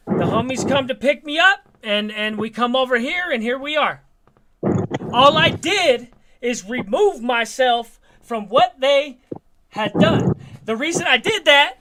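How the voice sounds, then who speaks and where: A man's voice: very high voice, noisy background. A man telling streetwise stories in a casual, swearing chat. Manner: streetwise, swearing, animated storyteller.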